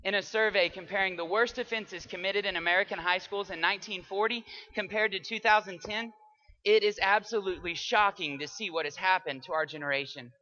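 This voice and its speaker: High, bright young man giving a dramatic speech. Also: fairly quick. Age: young adult. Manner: dramatic, swings between hushed and loud. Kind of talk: memorized persuasive speech. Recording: dull lo-fi recording.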